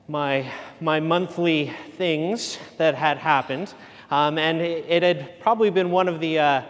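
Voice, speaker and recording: A man delivers a sermon with a fairly high voice, talking in an easy, conversational way with frequent pauses and fillers. His voice carries a long reverb from the church around him. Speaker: pastor.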